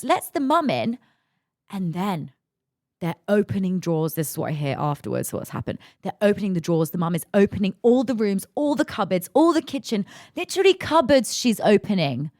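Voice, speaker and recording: A woman, a podcast host telling a story in an animated, emphatic way and swearing freely. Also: medium pitch, fairly quick, dry recording, studio quality. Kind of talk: casual storytelling.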